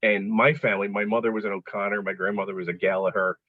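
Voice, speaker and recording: Husky chatty man in his fifties. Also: fairly low pitch, little pitch movement, fast talker, no echo. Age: 50s. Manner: chatty storyteller, self-deprecating humor, many restarts. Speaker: guest, coaching client. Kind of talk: casual podcast conversation. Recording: slightly dull, dry sound.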